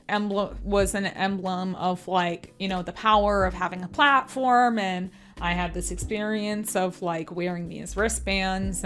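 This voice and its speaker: A woman chats her way through a book review in a loose, rambling style, padding her sentences with fillers as she goes. Her voice sits at an ordinary mid pitch, and faint music plays softly behind her. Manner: rambling, filler-heavy, chatty. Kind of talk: casual book review vlog.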